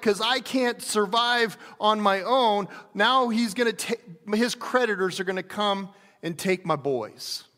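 A man's voice: sits high, fairly bright tone, long reverb tail. A man preaching a sermon as a pastor, talking in a conversational way with restarts and bits of acted speech.

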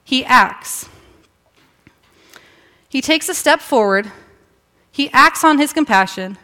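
A woman pastor preaching a sermon, telling a Bible story with emphatic pauses and rhetorical questions. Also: sits high, lively intonation, sharp tone.

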